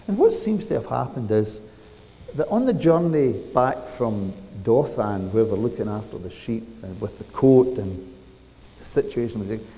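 A man's voice: a little high, warm tone, in a large hall, poor audio. A man preaching a sermon, retelling a story dramatically and asking rhetorical questions.

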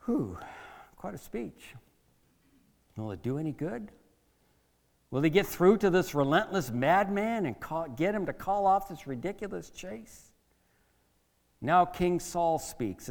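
A man's voice: fairly high pitch, animated, a little slow, in a large hall. A male preacher retelling a Bible story in the first person, in a theatrical but conversational way.

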